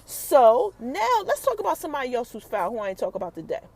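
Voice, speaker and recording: High, lively woman podcast host. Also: fast talker, creaky. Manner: chatty, addresses listeners directly, storytelling. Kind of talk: casual TV episode recap.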